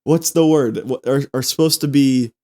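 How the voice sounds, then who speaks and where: A man's voice: mid-range voice, normal speed, dark tone. A young man hosts his podcast alone, talking casually in a mid-range voice. He jokes around and rambles, often restarting his sentences and tripping over his words. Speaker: podcast host. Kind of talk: casual solo podcast chat.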